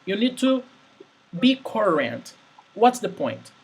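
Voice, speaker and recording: Male English teacher, husky, patient, repeats examples. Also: high-pitched, sing-song, slow, rough recording. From Brazil. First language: Portuguese. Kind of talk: conversational English lesson.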